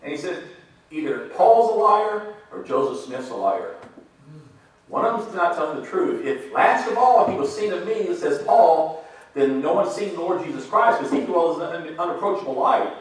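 Guy telling church stories, kinda high voice, big echo, sounds far off from the mic. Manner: animated storytelling, quotes scripture, laughs often. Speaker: church member giving testimony. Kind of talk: sermon-like testimony. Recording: echoey hall, speaker far from mic.

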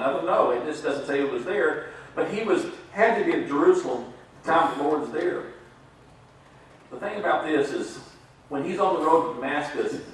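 A man's voice: on the high side, slight background noise. A man preaching a sermon in a folksy storytelling way, laughing at his own jokes. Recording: echoey hall, mic far off.

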